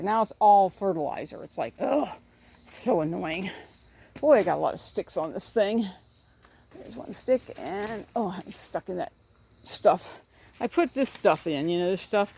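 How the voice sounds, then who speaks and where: A woman's voice: mid-range voice, a little mellow. A middle-aged woman rambling casually about her backyard garden and chickens, chatting to her birds as she films on a phone outdoors.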